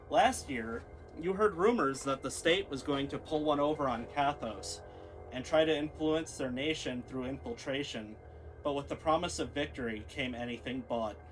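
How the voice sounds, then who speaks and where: A man running a tabletop game as game master, narrating with a theatrical, dramatic delivery. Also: medium pitch.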